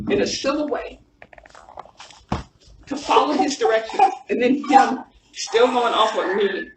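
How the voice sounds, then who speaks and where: A woman pleads and holds back tears while making a complaint. The recording is echoey and picked up from some way off, with a clear hiss of noise underneath. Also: on the high side, recorded from a distance. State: emotional. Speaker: complainant at a police station. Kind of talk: recorded conversation.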